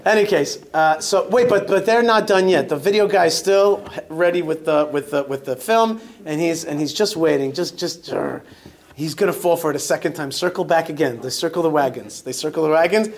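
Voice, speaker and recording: A man giving a lively storytelling talk in a synagogue, emphatic and joking with his audience. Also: on the high side, a little fast. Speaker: rabbi speaker.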